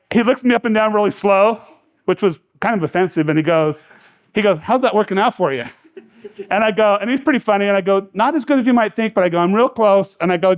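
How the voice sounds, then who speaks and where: Man, high-pitched, casual seminar speaker, rambling, humorous storyteller. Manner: joking storyteller, lots of restarts and fillers. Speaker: economic development director. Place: lecture room.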